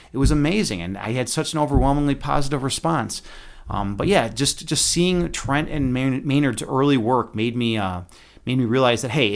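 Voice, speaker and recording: Gravelly rambling male streamer. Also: mid-range voice. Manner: rambling, halting, many restarts and fillers; friendly, talks to chat by name. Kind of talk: casual live-stream chat.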